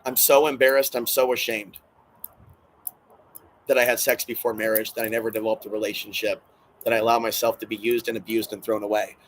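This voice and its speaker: In a low-quality recording with slight background noise, a man with a lowish voice and flat, somewhat fast delivery vents to his camera as host of his channel. The monologue rambles, loops back on itself and includes swearing, and he comes across distressed and hurt.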